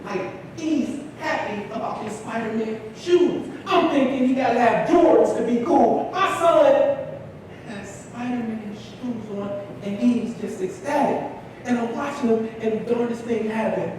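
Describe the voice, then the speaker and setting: A man's voice: very high voice, a little slow, noisy background. A man speaking at a conference, telling a funny personal story in a loose, colloquial way and acting out the people in it. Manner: animated, colloquial, acts out other people's voices. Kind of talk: humorous personal storytelling to an audience. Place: conference hall with live audience. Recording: echoey hall, distant mic, audience.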